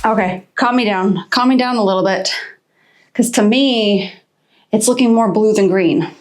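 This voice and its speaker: A woman's voice: medium pitch, moderate pace, music in the background. A woman vlogger chatting casually to the camera in her home studio, rambling in an anxious, chatty way.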